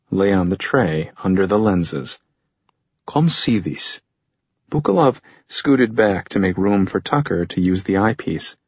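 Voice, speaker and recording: Male audiobook narrator, steady delivery, husky, dry close sound. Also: lowish voice, dry recording. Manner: steady, even storytelling. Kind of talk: scripted narration. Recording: dull lo-fi recording.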